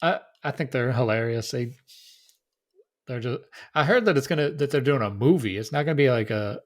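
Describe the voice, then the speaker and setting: A man co-hosting a podcast in casual chat, talkative and quick to laugh. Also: mid-range voice, lively intonation. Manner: chatty, laughs easily. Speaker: podcast co-host.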